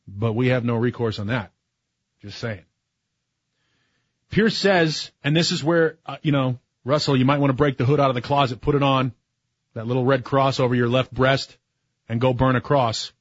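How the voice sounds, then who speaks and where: A man's voice: medium pitch, breathy edge, dry recording, dull audio. A man in his forties, a talk radio host, speaking in a sarcastic, opinionated monologue that builds to heated emphasis. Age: 40s. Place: radio studio.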